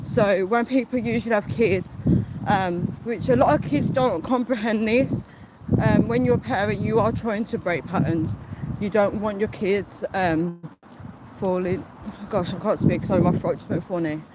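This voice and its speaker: Breathless woman vlogging on a loud street. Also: mid-range voice, normal speed. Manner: chatty, easily distracted, apologetic. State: out of breath from walking. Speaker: vlogger doing a live video. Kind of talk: casual rambling live stream while walking. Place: busy city street outdoors. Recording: loud street traffic behind.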